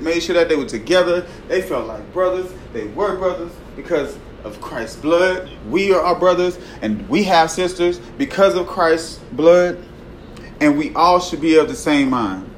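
A man preaching a sermon in a conversational way, often tagging his points with "right?" and swinging from loud emphasis to a hushed voice. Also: fairly high pitch, slight background noise, low-quality recording. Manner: conversational, tags lines with "right?".

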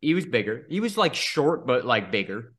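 Podcast co-host, male, bright tense tone, lively cursing storyteller. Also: medium pitch, normal speed. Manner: animated storytelling, swears freely, laughs often. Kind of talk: casual chat.

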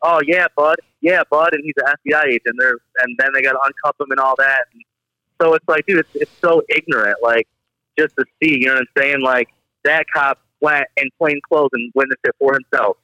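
A young man from the Detroit area, a guest on a casual podcast, telling animated stories packed with filler words. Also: mid-range voice, brisk, dry recording. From Detroit area, Michigan. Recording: dull, slightly lo-fi dry audio.

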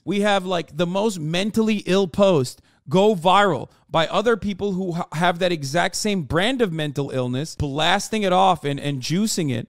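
A man's voice: high voice, no room sound. A man hosting a live podcast, giving a heated, profane and sarcastic rant into a close microphone. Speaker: streamer podcast host. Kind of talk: ranting live commentary.

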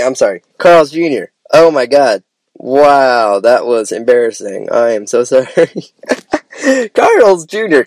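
A man from Idaho talks freely in a relaxed solo podcast, drifting from point to point with eager enthusiasm. His voice sits in a middle register, and the sound is dry and close with no room echo. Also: medium pitch. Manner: rambling and enthusiastic, peppered with "man" and "bro". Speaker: podcast host. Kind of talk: casual solo podcast chat.

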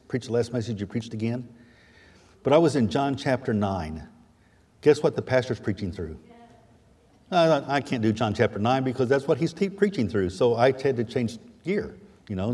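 A man in his fifties gives a folksy sermon full of chatty asides and gentle self-mocking humor. His voice is dark and mellow with a husky edge, and it carries the long reverb of a church sanctuary. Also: medium pitch. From Missouri, USA. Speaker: guest preacher and history teacher.

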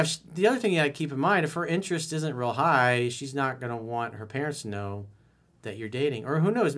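A dating coach with a mid-range voice reads a listener's letter aloud and responds with blunt advice. He acts out lines, dropping into sudden soft asides.

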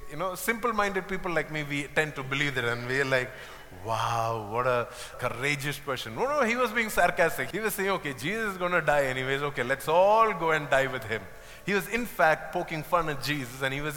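Guy preaching a sermon, fairly high voice, really emphatic, echoing hall sound. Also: sharp tone. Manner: emphatic, acts out quoted disciples with humor.

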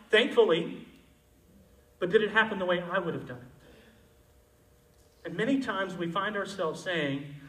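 A male pastor preaching a sermon, moving between loud, emphatic passages and quiet, intimate ones. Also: high voice, reverberant, recorded from a distance, low-quality recording.

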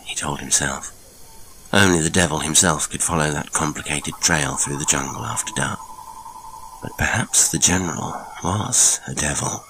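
A man narrating a classic adventure story in a measured, dramatic storytelling manner. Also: extremely low pitch, pushed and bright, slight background noise. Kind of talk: scripted audiobook narration.

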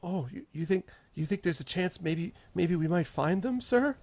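A man's voice: mid-range voice, fairly quick, a little mellow, natural voice. A man doing a stammering, grief-struck farmer. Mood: hopeful. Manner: stammering, repeats words, rural grammar. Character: grieving stammering male farmer, humble, desperate.

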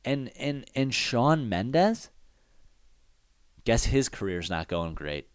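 A young man rants and riffs in a loose, profane comedy podcast style. His pitch swings all over the place, and he takes his time getting the words out. The sound is dry and close to the mic. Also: takes it slowly, smooth, no room sound. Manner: profane, rambling, animated riffing. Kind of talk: casual comedic rant.

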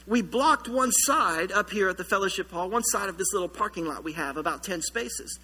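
Bright-voiced pastor in an echoey hall. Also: male voice, sits high. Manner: animated storytelling with humor. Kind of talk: sermon. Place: church sanctuary.

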